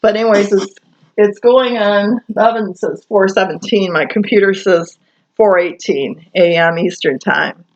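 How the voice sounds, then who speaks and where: A woman's voice: medium pitch, measured pace. A woman from Michigan talking alone in her apartment at night, rambling through many fillers and restarts. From Michigan, USA. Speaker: vlogger. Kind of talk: rambling casual monologue. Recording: muffled lo-fi home recording.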